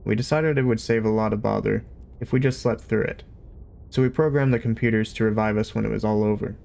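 A man voicing a polite, wistful old alien man who speaks slowly and vaguely. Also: on the low side, fairly even intonation, creaky. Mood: mild rambling. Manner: slow, polite, gently rambling.

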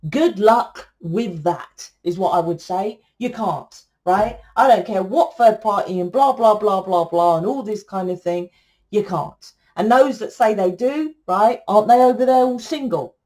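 A woman's voice: mid-range voice, unhurried, dark tone. A British woman tarot reader talking to camera in a blunt, ranting, freely swearing monologue.

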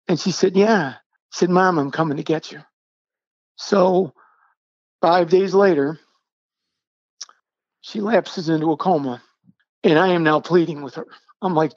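A middle-aged man, a podcast guest, telling a personal story in an earnest, halting way and acting out the dialogue. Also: high-pitched, vocal fry, no room sound. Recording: dull, dry lo-fi sound.

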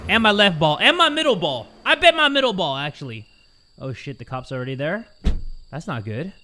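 A man doing let's play commentary as a gaming YouTuber, joking crudely and yelling at the game. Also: a little high, very animated, fairly quick, a little hiss or hum.

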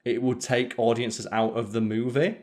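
A man's voice: medium pitch, level tone, moderate pace, a little mellow. A man co-hosting a let's play, chatting casually and opinionatedly while gaming, with the odd swear.

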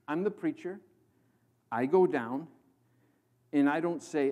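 A man from the American Midwest preaches a sermon in a church with a fairly high voice. He talks slowly and deliberately, rising into loud proclamations and then dropping to near hushes for emphasis. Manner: impassioned, dramatic swings between loud proclamation and hushed emphasis. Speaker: guest preacher.

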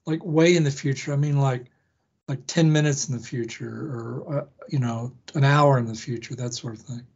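Male interviewer, halting questions full of fillers, mid pitch, dull call sound. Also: steady tone, vocal fry, a little mellow. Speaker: podcast host.

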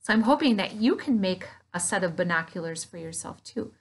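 A woman teaching an online preschool Bible lesson, animated and playful, gasping in delight as she talks to small children. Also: fairly low pitch, fairly quick, husky.

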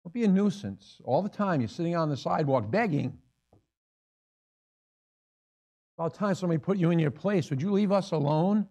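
A pastor voicing an irritated man in a crowd, scolding a beggar to be quiet. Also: sits high, very animated, a little slow, gravelly, slightly rough, voice pushed up, heavily acted. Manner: scolding, impatient, exasperated. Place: church sanctuary.

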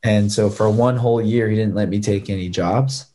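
A man in his thirties, a stunt performer telling stories as a guest in a casual chat, lively and acting out other people's lines. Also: on the low side, normal speed.

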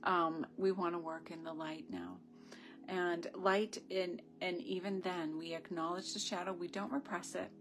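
A woman's voice: on the low side, expressive, a little slow, a bit bright, faint music behind. A woman leading a live-streamed ritual, talking to viewers through a phone camera. She is effusive and rambling, with gushing asides. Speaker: spiritual ritual leader.

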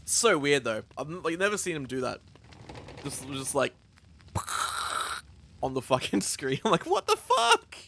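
A man's voice: medium pitch, expressive, slow pace, creaky, long pauses, bright, forceful tone, a little hiss or hum. A young man streaming a game at home, chatting casually, swearing a lot and laughing often as he rambles through stories.

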